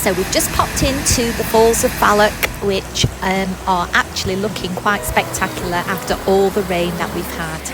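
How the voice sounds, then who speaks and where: A woman's voice: medium pitch, normal speed, hardly any pauses. A woman narrating a travel vlog in a chatty way, with frequent ums and apologies. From not Scottish. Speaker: travel vlogger. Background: background music.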